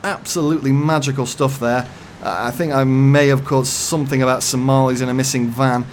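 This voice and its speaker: A man putting on an excitable live sports commentator with a booming, theatrical delivery. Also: fairly quick, a little hiss or hum, close to an everyday voice. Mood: hyped.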